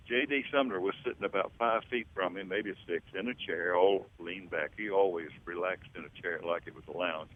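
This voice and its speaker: A man's voice: sits low, phone-quality sound. An older man in an interview, telling stories and coaching vocal sounds. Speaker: interviewee, backup singer. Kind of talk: storytelling interview chat.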